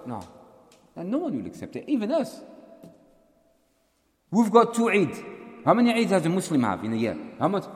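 A man's voice: on the high side, big pitch swings, a little fast, a little mellow. A man leading a casual group question-and-answer session, chatty and storytelling, slipping in Urdu words. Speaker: community teacher leading a Q&A. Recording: echoey hall.

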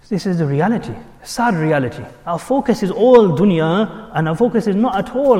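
A man's voice: sits high, expressive, moderate pace, few pauses, warm tone. A man giving an earnest sermon, repeating his points and mixing in Arabic and Urdu terms. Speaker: Islamic preacher. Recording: long hall reverb.

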